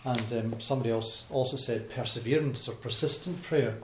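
A man giving an informal Bible talk to a congregation, pausing often with ums and restarting his sentences. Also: medium pitch. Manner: hesitant, many ums and restarts. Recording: echoey hall with faint noise.

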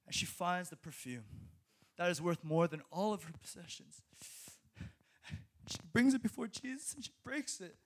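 A young man preaching a sermon in an animated way, laughing often and repeating words when excited. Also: high voice, moderate pace.

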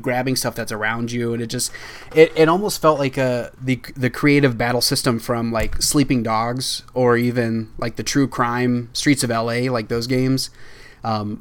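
A young man hosting a podcast, chatting casually about video games in an excitable, rambling way and laughing often. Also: medium pitch. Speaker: podcast host. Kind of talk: casual chat.

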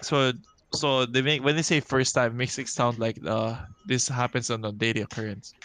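Young man, podcast co-host, playful, curious questions, easy laugh, relaxed talk. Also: mid-range voice, normal speed. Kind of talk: casual chat.

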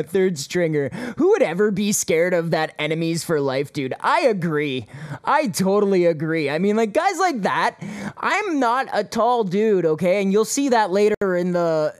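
A man's voice: sits high, expressive, a little slow, dry recording, studio quality. Sarcastic man hosting a show. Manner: sarcastic, rambling, chuckling asides. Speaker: host. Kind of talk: casual call-in show chat.

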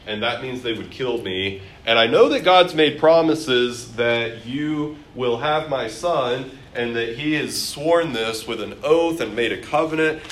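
Man playing a nervous old patriarch, hushed, pleading, steady middle pitch. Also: reverberant, slight background noise, lightly acted.

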